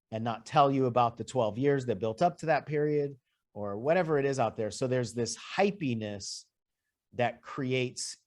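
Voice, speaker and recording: A man working as a life coach, talking a client through her business goals in a loose, conversational way with lists and asides. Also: medium pitch. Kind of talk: coaching session.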